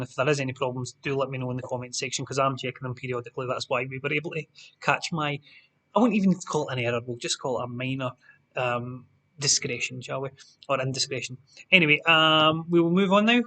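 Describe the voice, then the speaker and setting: Chatty quiz host, self-mocking. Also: male voice, medium pitch, pushed and bright. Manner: chatty, self-deprecating, repeats instructions slowly. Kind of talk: live-streamed pub quiz hosting.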